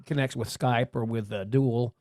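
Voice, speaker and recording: A man's voice: mid-range voice, fairly even intonation, moderate pace, a little mellow, no echo. A man co-hosting a podcast who works as a voice actor, chatting casually and rambling with many fillers and restarts from his home studio. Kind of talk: casual chat.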